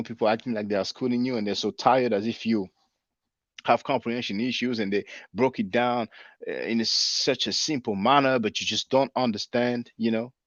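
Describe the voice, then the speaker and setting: Low-voiced man reading chat comments. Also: no echo, dull audio. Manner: conversational, spells words out, laughs at comments. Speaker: channel host reading live chat.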